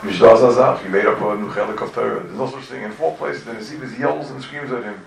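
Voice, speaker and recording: A man teaching a Talmud class, animated and full of rhetorical questions, recorded from a distance in an echoey room. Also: fairly low pitch, quick pace, creaky, slight background noise. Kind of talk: lively Talmud class lecture.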